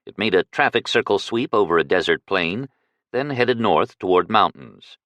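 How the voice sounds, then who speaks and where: A man narrating a science fiction audiobook in a measured, expressive storytelling manner. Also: on the low side, no room sound. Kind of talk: scripted narration.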